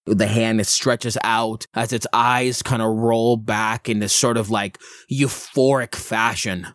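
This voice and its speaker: Slow-narrating game master, man. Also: lowish voice, fairly even intonation, a bit bright, dry recording, studio quality. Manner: slow, descriptive, with hedging "sort of".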